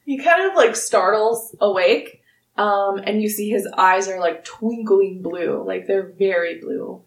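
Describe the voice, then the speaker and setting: A woman's voice: medium pitch, measured pace, vocal fry, far from the mic. A woman narrates a tabletop game as game master, wandering through details with many fillers. Her voice sounds roomy and a little away from the mic. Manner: casual, full of "like" and restarts.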